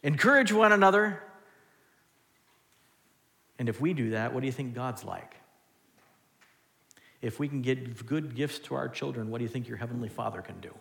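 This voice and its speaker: A man preaching a sermon as pastor, animated, swinging between loud and hushed. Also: mid-range voice, moderate pace, creaky, long pauses. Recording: long hall reverb.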